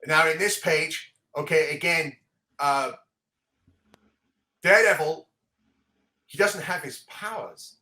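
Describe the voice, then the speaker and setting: A man hosting a casual comic book podcast, excitedly walking through the pages and laughing often. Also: fairly high pitch, slow, long pauses. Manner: excitable, laughing often, reads dialogue aloud. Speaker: comic book show host. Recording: echoey room.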